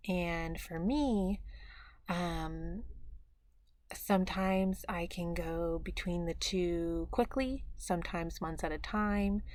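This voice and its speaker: Young woman, slow hesitant speech, low-ish voice, soft and tired, close dry sound. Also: dry recording. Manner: soft, hesitant, many pauses and fillers. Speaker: vlogger. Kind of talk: personal video diary.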